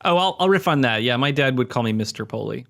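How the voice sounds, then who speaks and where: A man's voice: medium pitch, animated, fast, gravelly, fairly bright tone. Easygoing man rambling on a podcast. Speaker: podcast co-host. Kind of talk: casual chat.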